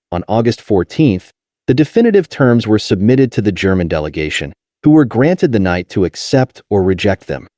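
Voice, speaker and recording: A man reading a nonfiction history audiobook in a measured, steady way, with deliberate pauses. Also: fairly low pitch, no room sound, studio quality. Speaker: audiobook narrator. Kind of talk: scripted nonfiction narration.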